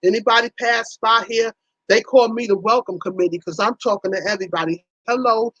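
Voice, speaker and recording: A chatty woman with a high voice hosts a casual livestream, greeting her viewers warmly and acting out everyday conversations. The sound is dry and a little muffled. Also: a little fast, no echo. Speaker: livestream host.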